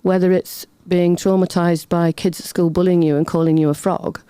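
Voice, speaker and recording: A woman's voice: on the low side, flat delivery, moderate pace, dark tone, clean tone, no echo. A middle-aged woman, a chatty, rambling storyteller talking as a guest in a casual interview. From Britain. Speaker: podcast guest.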